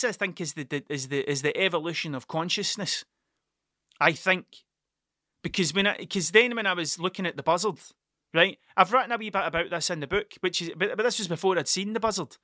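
A man's voice: high voice, bright, forceful tone, no echo, studio quality. A Scottish man rambling through a monologue as a podcast host, swearing freely, drifting off on tangents and laughing at himself.

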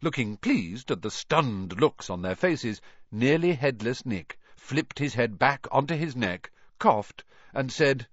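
A man's voice: mid-range voice, lively intonation, takes it slowly, no room sound, dull audio. Man reading a storybook aloud. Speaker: audiobook narrator. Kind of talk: scripted narration.

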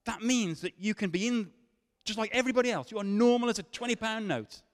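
A man preaching to a congregation, his voice sitting a little high for a man. He swings from loud, rising questions down to near-whispers. The sound rings with the long reverb of a large hall. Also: animated, fast talker. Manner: dramatic, swinging from loud questions to hushed tones. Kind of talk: sermon.

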